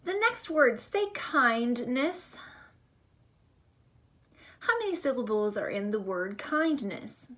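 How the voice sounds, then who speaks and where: A woman teacher recording a distance-learning lesson for young students, deliberate and encouraging with gentle teasing. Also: a little high.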